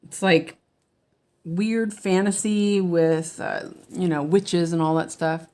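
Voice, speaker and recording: A woman chatting casually as she stitches, answering viewers and muttering quietly to herself as she works. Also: lowish voice, fairly even intonation, slow. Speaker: cross-stitch designer and streamer.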